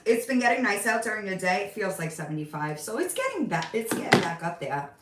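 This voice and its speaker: A woman's voice: mid-range voice, lively intonation, quick pace, recorded from a distance, very noisy. A middle-aged woman chatting casually on a live stream from her home, rambling and cooing at her cats now and then. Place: room at home. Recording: roomy sound, voice off from the mic.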